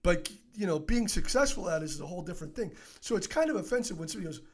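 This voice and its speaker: A man's voice: high-pitched, rapid-fire. Chatty middle-aged man telling stories. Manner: animated, laughs often, many fillers and restarts. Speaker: podcast guest, author. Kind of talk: casual interview storytelling.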